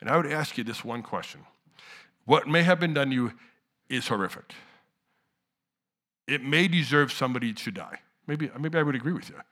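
A middle-aged man preaching a sermon to his church in a conversational way, dropping to hushed lows and rising to loud outbursts. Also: moderate pace, long pauses. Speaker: pastor.

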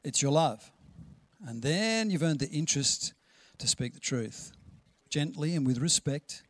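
A man's voice: fairly high pitch, lively intonation, measured pace. A man preaching a sermon in a conversational, storytelling way, acting out the dialogue he quotes. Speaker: pastor.

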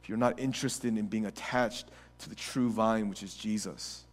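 A male pastor preaching a sermon. He moves between quiet reflection and impassioned, near-shouted passages, often repeating and restarting phrases. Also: lowish voice, fairly even intonation, moderate pace.

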